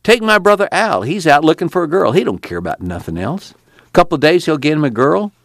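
A man voices a weary, plainspoken young farmhand with a rural drawl, raising his pitch above his natural voice. The result is fairly high and a bit bright, with big pitch swings and a fairly quick pace. The audio is clean studio sound with no room sound.

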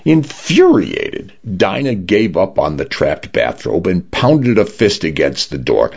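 A man's voice: sits low, wildly swooping pitch, takes it slowly, vocal fry, hardly any pauses, darkish tone, slightly rough. A man reading science fiction stories aloud as a radio narrator. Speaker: radio story reader. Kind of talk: scripted narration. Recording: dull lo-fi radio broadcast.

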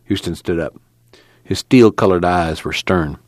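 A man narrating an audiobook in a low, steady voice. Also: a little slow, dry recording, studio quality.

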